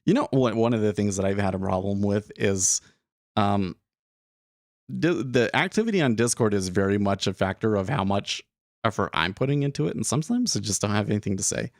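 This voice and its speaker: A young man chats loosely on a live trading stream, rambling and restarting his sentences as he thinks aloud. His voice sits on the low side, and the sound is dry and close with no room around it. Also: animated, fairly quick, dry recording. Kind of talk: casual live-stream commentary.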